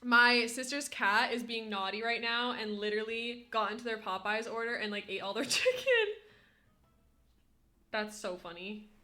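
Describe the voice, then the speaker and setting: Giggly high-voiced woman streamer. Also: animated, normal speed, pushed and bright. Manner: giggly, bursts into laughing fits. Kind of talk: casual live-stream chat. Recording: faint music behind.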